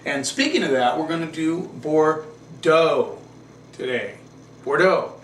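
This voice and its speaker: A man's voice: on the high side, animated, takes it slowly, slight background noise. A man hosting a wine tasting show, talking in a folksy, rambling way and often correcting himself. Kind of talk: casual wine tasting talk. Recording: roomy, distant mic, faint ambience.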